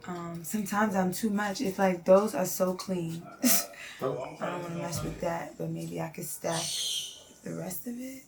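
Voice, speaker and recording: A woman's voice: on the low side, measured pace, gravelly, a crowd in the background. A woman coaching her son in a recording studio. She gives emphatic, directive instructions and chats casually for a reality vlog.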